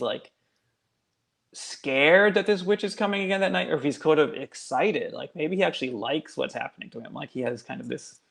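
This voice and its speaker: Guy with a gravelly voice telling a spooky folk tale, chatty, lots of fillers. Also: medium pitch, fairly bright tone. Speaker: guest author. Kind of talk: casual storytelling.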